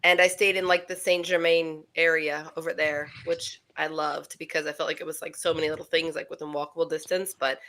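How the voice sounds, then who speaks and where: American woman on a stream, bright voice, giggly and chatty. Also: low-pitched, level tone, brisk, hardly any pauses. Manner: laughing, chatty storyteller. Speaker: co-host. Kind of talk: casual chat on a live stream.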